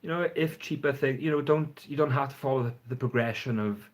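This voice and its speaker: A man's voice: mid-range voice, fairly quick. A man chatting casually and frankly on a phone livestream, rambling and swearing now and then. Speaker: fragrance reviewer. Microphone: phone front camera.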